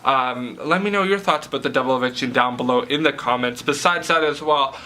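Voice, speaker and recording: A man's voice: mid-range voice, brisk, bright, forceful tone. A young man giving a casual, rambling rant about a reality TV show, filling his talk with "like" and "um". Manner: rambling, heavy use of "like" and fillers. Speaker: reality TV vlogger.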